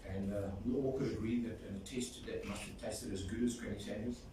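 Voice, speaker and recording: At a quick pace, a man with a fairly low voice and fairly even intonation gives a loving, storytelling eulogy, including a folk song. The setting is a large, echoing funeral hall, recorded from a distance with faint noise.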